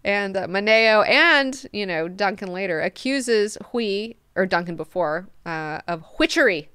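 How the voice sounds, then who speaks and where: A woman's voice: medium pitch, measured pace, few pauses, clean tone, no room sound, clean studio sound. Chatty, swearing woman book-club host. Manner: profane, animated, chatty retelling. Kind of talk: casual book discussion.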